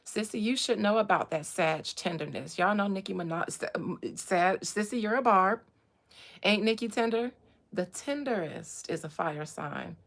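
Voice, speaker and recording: A woman hosting a casual chat about astrology and gossip, animated, swinging from low murmurs to loud bursts. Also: normal speed, vocal fry. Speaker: host.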